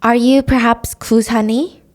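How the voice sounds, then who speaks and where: A woman's voice: on the high side, steady tone, unhurried, darkish tone, natural voice. A woman voicing a polite, hesitant man in a drama recap, in her own voice.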